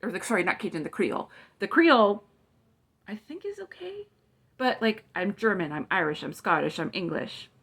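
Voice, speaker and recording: A woman's voice: on the low side, lively intonation, fairly quick, fairly bright tone, breathy edge. A woman in her forties delivering a heated political rant to camera, blunt and profane. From Canada. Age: 40s. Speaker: vlogger.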